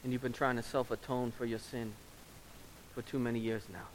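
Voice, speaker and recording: A male pastor delivers an earnest, emotional sermon in a church, pleading with his listeners in a voice of ordinary middle pitch. A faint hiss runs under the recording. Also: level tone, a little fast, rough recording. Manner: earnest, pleading altar call.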